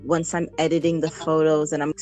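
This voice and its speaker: Guest spot: young adult woman with a lowish voice, chatty and animated, faint music under her. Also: a little fast. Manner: chatty, animated, laughs often, frequent ums. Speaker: newborn photographer, guest. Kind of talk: casual podcast interview.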